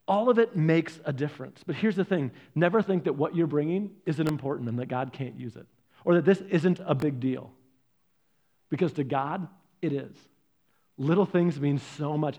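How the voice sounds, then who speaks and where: A pastor with a voice on the high side preaches a sermon, telling stories earnestly. He swings between loud, stressed lines and soft, hushed ones.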